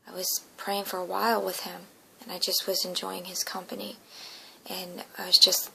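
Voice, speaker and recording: A woman's voice: lowish voice, completely flat delivery, moderate pace, creaky, sharp tone, slight background noise, poor audio. A woman earnestly recounting a dream as a personal testimony, emotional and often dropping into a whisper.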